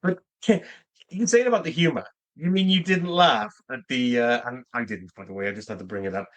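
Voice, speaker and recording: A man chatting about films on a podcast, his voice at an ordinary middle pitch. He wanders through his points, pausing to find the right words. The talk stays loose and casual. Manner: rambling, searching for words. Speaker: podcast co-host. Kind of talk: casual film discussion.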